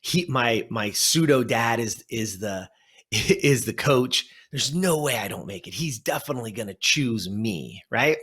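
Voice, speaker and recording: A man in his fifties from Southern California recounts a story as a guest on an interview show. He is an animated storyteller who acts out his memories. His voice sits at an ordinary male pitch. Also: unhurried, breathy edge. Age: 50s. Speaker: guest, life coach.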